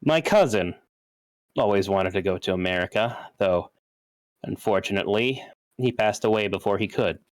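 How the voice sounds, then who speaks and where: Man doing a wealthy young gentleman, curt and questioning, smooth voice, lowish, dry sound. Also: normal speed, no room sound, lightly acted. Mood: guarded. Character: wealthy French-speaking young man, wary of outsiders.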